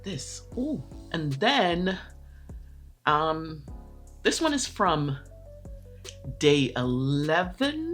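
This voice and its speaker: A woman's voice: deep voice, sing-song, extremely slow, pauses often, a bit bright, faint music behind. A woman talking casually to camera about her pens and inks, chatty and rambling, often correcting herself. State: out of breath. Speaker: pen and ink vlogger.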